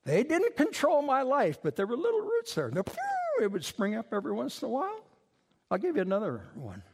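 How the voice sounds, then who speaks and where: A man preaching a sermon, an animated storyteller who mocks himself with humor and bursts into loud emphasis. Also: very high-pitched, a little fast, vocal fry, a little hiss or hum. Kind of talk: sermon with personal stories. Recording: long hall reverb.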